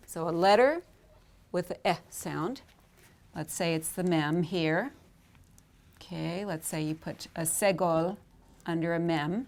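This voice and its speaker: A woman gives a patient board lesson, saying each vowel slowly and then saying it again. Her voice sits fairly low. She keeps checking that the class is following. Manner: patient, repeats sounds slowly and asks "okay?". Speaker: Hebrew teacher. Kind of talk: whiteboard lesson.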